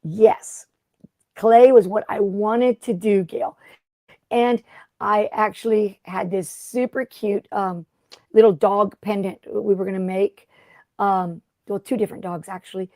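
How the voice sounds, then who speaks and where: Middle-aged lady rambling on her craft live stream, mellow warm voice, dry close sound. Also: mid-range voice, fairly even intonation, measured pace, no echo. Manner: rambling, chatty, greets viewers by name. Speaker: craft livestream host. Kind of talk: casual live-stream chat.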